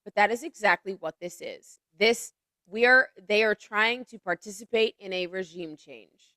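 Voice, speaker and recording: A woman's voice: mid-range voice, moderate pace, bright, forceful tone, dry recording, studio quality. A woman co-hosting a casual political talk show, speaking bluntly and emphatically.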